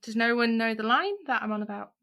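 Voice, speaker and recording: A woman's voice: a little high, fast, creaky, sharp tone. A woman, a podcast guest chatting casually about a film. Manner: laughs easily, conversational. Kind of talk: casual film review chat.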